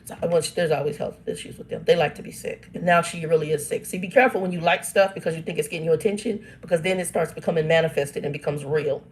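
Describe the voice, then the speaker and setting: A woman's voice: sits low, fast talker, hardly any pauses, a little hiss or hum. A woman in her fifties tells a personal family story straight to her viewers. She talks emphatically, often exclaims and laughs, and reads out comments from her live chat. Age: 50s. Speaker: channel host reading live chat.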